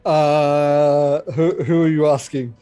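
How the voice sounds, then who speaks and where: Male player, slightly high, mellow voice, hesitant. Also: clean tone, faint music behind. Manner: hesitant, slow, filler-heavy.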